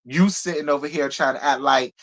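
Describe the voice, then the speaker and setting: A man hosting a casual live recap of a reality TV show, talking in a gossipy, profane, animated way and laughing often. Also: fairly high pitch, fairly quick. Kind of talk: casual live review commentary.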